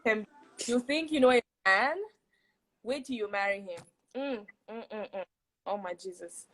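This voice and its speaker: A woman chatting as a guest on a video call, animated and emphatic, often repeating herself for effect. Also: mid-range voice, unhurried, poor audio. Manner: animated, laughing, emphatic repetition. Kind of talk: casual chat on a video call.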